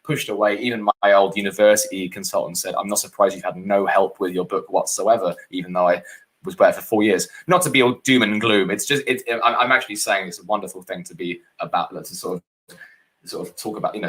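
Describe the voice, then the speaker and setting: A man on a publishing podcast who talks in a rambling, halting way, full of restarts. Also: low-pitched, fairly bright tone. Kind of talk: casual chat.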